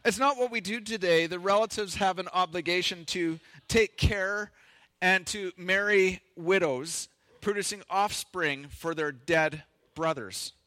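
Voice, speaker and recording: A pastor preaching a sermon, reading scripture in an earnest, measured way with touches of light humor. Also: male voice, sits high, sharp tone, no echo.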